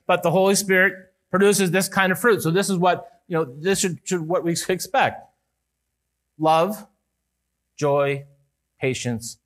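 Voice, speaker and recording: A male pastor delivering a sermon in an earnest manner, rising for emphasis and dropping low and soft at key words. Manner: earnest, rises and falls with emphasis, some restarts.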